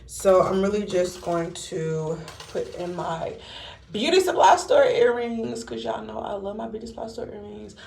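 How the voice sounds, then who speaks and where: A woman's voice: medium pitch, measured pace, creaky, a little mellow, roomy sound. Chatty young woman vlogging with wind noise. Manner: chatty, loose and talkative with fillers. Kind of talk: casual vlog chat. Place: at home, then outdoors at a windy beach. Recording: wind and surf noise outdoors.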